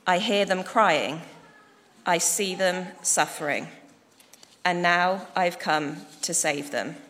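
God from a burning bush, read by a woman: solemn, pleading, slow, echoey hall. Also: on the low side, fairly bright tone. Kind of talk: storytelling in worship. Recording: echoey hall, faint noise.

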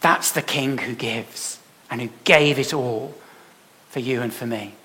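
A man preaching a sermon emphatically, putting rhetorical questions to his congregation and swinging from loud to soft. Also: medium pitch, measured pace. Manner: emphatic, with dramatic swings in loudness. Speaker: pastor.

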